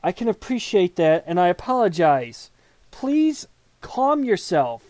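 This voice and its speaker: A woman voicing a calm, patient woman guide, speaking in a measured, reassuring way. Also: on the low side, dry recording. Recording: music playing underneath.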